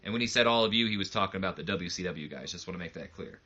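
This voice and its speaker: A man's voice: low-pitched, very fast, few pauses, pushed and bright, lo-fi sound. A man hosting a let's play, rambling through casual game commentary with a self-deprecating manner.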